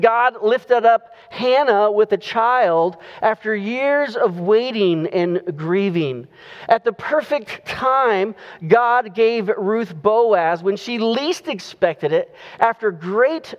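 Pastor preaching, chatty delivery with slowed emphasis, muffled sound, long hall echo. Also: medium pitch. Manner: conversational, drawing out key phrases. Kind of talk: sermon.

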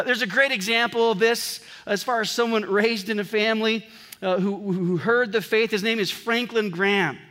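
A man pastor preaching an animated sermon to his congregation, breaking off now and then to joke with them, recorded in a church. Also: sits high, big-room sound. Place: church sanctuary.

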